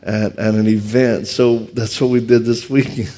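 A man from Louisiana with a Louisiana accent, telling funny self-deprecating stories quickly and with energy to an audience from a stage. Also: lowish voice. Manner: fast, animated, self-deprecating. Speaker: martial arts instructor and speaker. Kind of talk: humorous storytelling talk.

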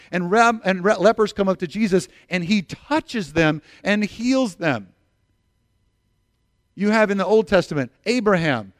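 A man's voice: high voice, no echo, studio quality. A middle-aged man preaching a sermon as a pastor, telling stories animatedly and acting out the quotes, often restarting and repeating words. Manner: animated storytelling with acted-out quotes.

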